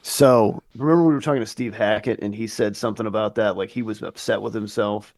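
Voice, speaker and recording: A man co-hosting a rock podcast in casual chat, steady and agreeable, chiming in with short reactions. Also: lowish voice, fairly quick, dry recording, studio quality. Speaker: podcast co-host.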